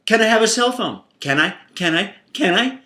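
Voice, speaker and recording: A man's voice: high voice, animated, pushed and bright, roomy sound, voice pushed up. A man voicing his eager young daughter sweetly wheedling her father for presents. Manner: sweet, wheedling, rapid-fire asking. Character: eager little girl wheedling her daddy.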